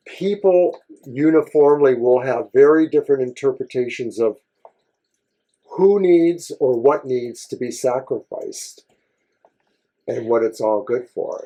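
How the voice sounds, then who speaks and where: A man co-hosting a tarot reading show, talking through the cards in a measured, thoughtful way. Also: mid-range voice, warm tone. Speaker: co-host tarot reader. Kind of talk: casual tarot reading chat.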